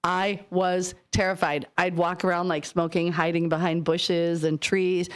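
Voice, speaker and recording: A woman's voice: fairly low pitch, flat delivery, smooth. Teasing middle-aged female radio co-host. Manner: teasing, quick to laugh. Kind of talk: casual on-air banter. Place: radio studio.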